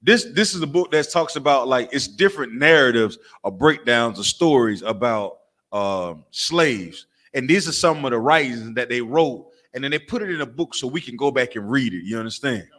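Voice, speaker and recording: A man's voice: medium pitch, lively intonation, normal speed, fairly bright tone. A man with a Southern US accent leading a lesson, emphatic and repetitive, calling on others by name. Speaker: teacher leading a street class. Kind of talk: preaching lesson with asides.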